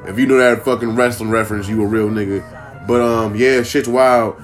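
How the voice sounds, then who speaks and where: A man's voice: lowish voice, fairly even intonation, normal speed, soft background music. A man from Minnesota hosting a casual solo podcast from home, loose, profane, rambling and joking. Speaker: podcast host.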